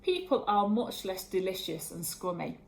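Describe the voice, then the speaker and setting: A woman's voice: medium pitch, animated, normal speed, gravelly, voice pushed down. A woman voicing a big, hungry, greedy dragon in a read-aloud storybook, growling out her lines. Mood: pleased.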